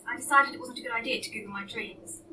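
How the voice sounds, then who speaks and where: A woman's voice: fairly high pitch, quick pace, bright, forceful tone, recorded from a distance, slight background noise, poor audio. A woman reading a story aloud as narrator, in a dry, understated way. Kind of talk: audiobook reading.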